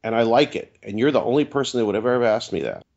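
A man who is an author and radio host talks as a podcast guest in casual chat, reflective, rambling and questioning himself. His mid-range voice is quick and darkish, captured in dull lo-fi audio.

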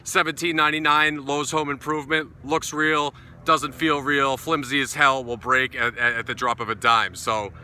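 A man's voice: mid-range voice, flat delivery, moderate pace, pushed and bright, slight background noise. Blunt, profane New England man outdoors. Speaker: beer reviewer. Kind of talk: casual outdoor beer review. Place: backyard outdoors.

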